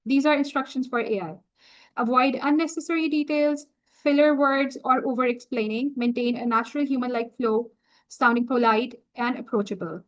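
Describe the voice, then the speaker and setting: A woman walking viewers through a software setup on a screen-share tutorial, talking through each click as she goes. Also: sits high, low-quality recording. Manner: slow, explanatory, talks through each click. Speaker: software trainer.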